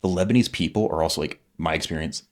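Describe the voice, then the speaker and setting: A man's voice: a bass voice, fast, darkish tone. A man in his forties, a military veteran guest, telling stories in casual chat, rambling with lots of fillers and freely swearing. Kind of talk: casual conversational storytelling.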